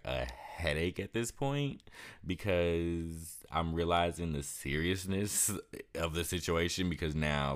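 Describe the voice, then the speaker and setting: A young man casually retelling a story for his vlog, with lots of "like" fillers and lively quoted asides. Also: very deep voice. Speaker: vlogger.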